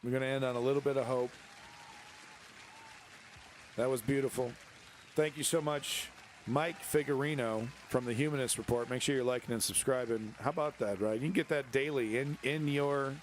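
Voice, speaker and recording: A man's voice: mid-range voice, slight background noise. A man hosting a casual news livestream, talking sarcastically in a mock-patriotic, profane way. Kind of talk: casual live-stream chat.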